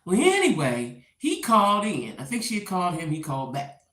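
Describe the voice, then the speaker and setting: A woman's voice: lowish voice, huge pitch swings, a little fast, a bit bright, echoey room. A woman hosting a casual gossip commentary, chatting straight to her viewers and tagging her points with "right?". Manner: chatty, talks back to viewers by name; peppers talk with 'right?'. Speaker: host.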